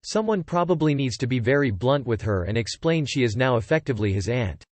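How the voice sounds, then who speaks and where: A man's voice: mid-range voice, expressive, a little fast, no echo. Man narrating in a dry, close voice. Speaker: narrator reading forum posts. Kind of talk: scripted narration.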